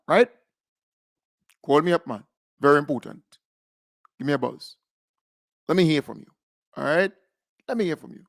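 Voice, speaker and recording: A middle-aged Grenadian man hosting call-in radio, animated and repetitive, laughing often and swinging between loud and quiet. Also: a little high, no echo, clean studio sound. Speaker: radio host.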